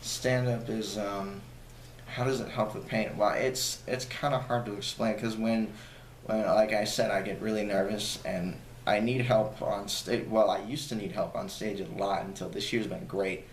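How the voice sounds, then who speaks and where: A man talks through his stand-up experiences in a loose, rambling way, often restarting and repeating himself. His voice sits a little low. The recording has a roomy echo over a faint background hiss. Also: fairly even intonation, moderate pace. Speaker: stand-up comedian. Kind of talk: casual interview storytelling. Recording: echoey room with faint noise.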